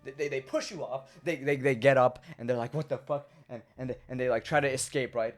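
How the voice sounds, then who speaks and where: A man's voice: mid-range voice, steady tone, fast. A young man, a YouTuber, delivering a crude, rambling comedic monologue full of stumbling repetitions.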